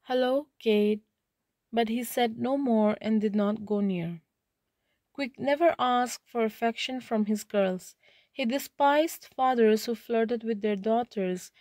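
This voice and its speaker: A woman's voice: fairly high pitch, a little mellow, no echo. A woman teacher reading a story aloud, then retelling each passage in simpler words.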